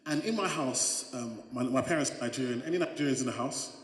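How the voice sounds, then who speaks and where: A man's voice: mid-range voice, a little fast. A man from giving a motivational keynote, joking with the crowd and telling stories. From London, England. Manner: animated, joking, storytelling with crowd interaction. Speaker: keynote speaker. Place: large hall on stage. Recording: echoey hall.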